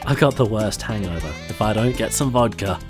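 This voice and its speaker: A man's voice: fairly low pitch, brisk, over music, lightly acted. A man doing a dramatic hungover woman. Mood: mock-dramatic. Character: hungover woman craving vodka, dramatic and clumsy.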